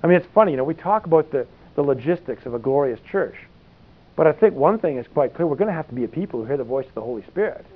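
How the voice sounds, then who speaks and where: A man's voice: a little high, expressive, quick pace. A man preaching a conversational sermon, folksy and rambling, with many asides. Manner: folksy, rambling asides with frequent "you know". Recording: tinny phone-like sound.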